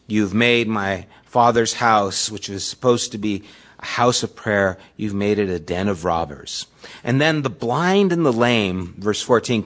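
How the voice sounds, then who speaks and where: Slow-paced man preaching casually. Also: mid-range voice, fairly bright tone. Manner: conversational preaching, retelling scripture in everyday words. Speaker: pastor. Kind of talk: sermon.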